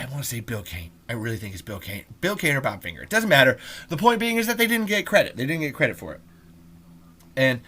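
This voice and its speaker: Male solo podcaster, mid-pitched, rambling and profane, heavy on fillers. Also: pushed and bright. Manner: rambling, profane, lots of ums and restarts. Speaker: podcast host.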